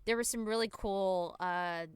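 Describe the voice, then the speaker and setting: A woman co-hosting a podcast in casual chat, hesitant and pausing often. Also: medium pitch, smooth, dry recording. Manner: hesitant, pauses with ums. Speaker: podcast co-host.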